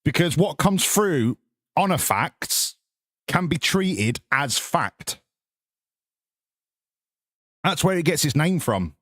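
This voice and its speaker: Brief: streamer, sarcastic and sweary, lively ups and downs, dry close sound. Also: male voice, a little high, slow, long pauses, breathy edge, no room sound. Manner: sweary, sarcastic, rambling, reads chat aloud. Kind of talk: casual live-stream chat.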